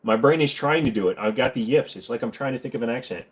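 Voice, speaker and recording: Here the livestream host talks quickly at a medium pitch, trading crude jokes and banter with his chat as he responds to viewer questions. There's a little hiss or hum on the low-quality recording.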